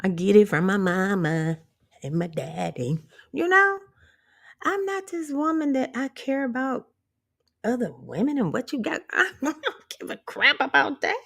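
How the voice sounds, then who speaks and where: A woman's voice: fairly high pitch, big pitch swings, unhurried, vocal fry, fairly bright tone. A woman vlogger giving a casual motivational rant to viewers. She is blunt and profane, sassy, and laughs often. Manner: sassy, talks straight to viewers. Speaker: empowerment vlogger.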